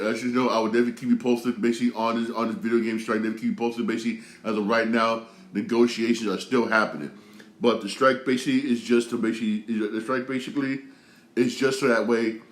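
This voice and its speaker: A man's voice: mid-range voice, echoey room. Heated, slangy male show host. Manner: repetitive, heated, slangy, many restarts. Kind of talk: casual rant commentary.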